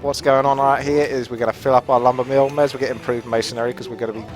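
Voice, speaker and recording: A man's voice: medium pitch, flat delivery, fast talker, faint music behind. A man from Australia with an Australian accent, giving chatty, jokey commentary on a strategy game as he plays and thinks aloud. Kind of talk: casual gameplay commentary.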